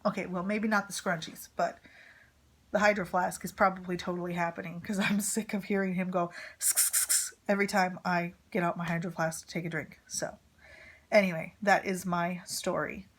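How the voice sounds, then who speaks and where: A woman's voice: lowish voice, flat delivery, fairly quick, slight background noise. A woman in her thirties, a mother vlogging to camera, telling a story in casual, rambling chat full of fillers and asides. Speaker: vlogger, mother of a teenage son.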